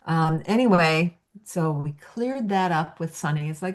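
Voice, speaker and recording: A woman with a fairly low voice teaches energy healing in a loose, chatty way. She rambles through stories with many fillers and restarts. She often lifts her voice to act out quotes. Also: lively intonation, measured pace, few pauses. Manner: rambling, filler-heavy, acts out quotes in a lifted voice. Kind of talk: casual storytelling lecture.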